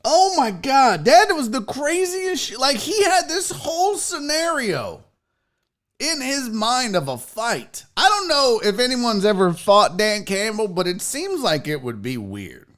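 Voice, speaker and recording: A man hosting a casual sports show, profane and animated with laughing asides. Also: very high voice, a little slow. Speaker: host.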